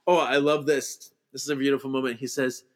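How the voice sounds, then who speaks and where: A man's voice: mid-range voice, level tone, fairly quick. Laughing male podcast co-host. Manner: retells scenes with mocking voices and laughs. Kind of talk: casual movie recap chat.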